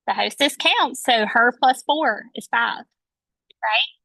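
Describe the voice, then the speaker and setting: A woman's voice: fairly high pitch, slow, vocal fry, pushed and bright, no room sound. A woman leading her sales team on a video call, chatty and enthusiastic as she coaches. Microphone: video call, webcam. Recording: dull lo-fi call audio, dry.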